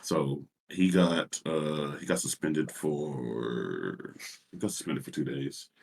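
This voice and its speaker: A man calling in to a voice chat, speaking softly and haltingly with many restarts, a little far from his mic. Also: rumbling low, vocal fry. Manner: soft-spoken and halting, full of restarts. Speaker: caller. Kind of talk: casual call-in chat. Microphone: voice call mic held too far away.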